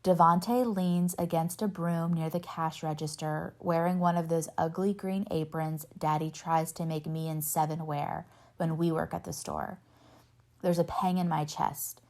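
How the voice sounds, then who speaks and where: A woman reading a novel aloud in steady first-person narration, lightly voicing the dialogue. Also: low voice, unhurried. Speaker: reader.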